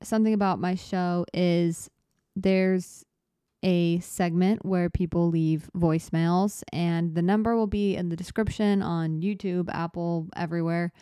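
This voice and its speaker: Young woman, podcast host, mellow voice, slightly low, slightly breathless, chatty, self-deprecating. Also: fairly even intonation, measured pace, smooth, no echo, studio quality. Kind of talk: laid-back solo podcast chat.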